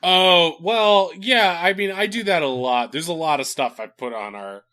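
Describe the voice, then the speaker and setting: A man co-hosting a comedy podcast, bantering with deadpan, playfully crude improv. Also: a little high, normal speed. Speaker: podcast co-host.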